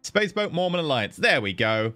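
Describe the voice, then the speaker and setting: A man's voice: brisk, faint music behind. A man streaming a strategy game, chatting casually and playfully with his viewers, thanking them and joking as he plays. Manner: chatty, playful, thanks viewers, bursts into high excited pitch. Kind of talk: casual livestream commentary.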